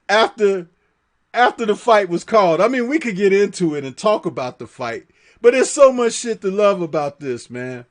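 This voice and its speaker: A man hosting a live boxing talk stream, animated and profane, laughing often and reading viewer comments aloud. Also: high voice.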